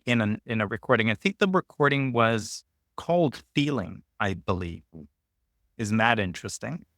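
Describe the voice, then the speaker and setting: A man's voice: a bit bright, no echo, studio quality. A man hosting a reflective conversation, speaking thoughtfully and lifting his voice to stress key ideas. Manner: thoughtful, emphatic, rises in pitch to stress points. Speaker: podcast host.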